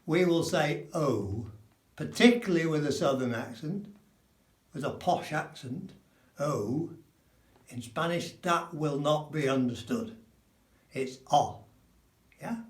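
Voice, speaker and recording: Slow, emphatic Englishman teaching Spanish vowels. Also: a little high, lively intonation. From England. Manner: slow, emphatic, repeats sounds to demonstrate. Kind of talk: spoken language lesson. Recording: echoey room.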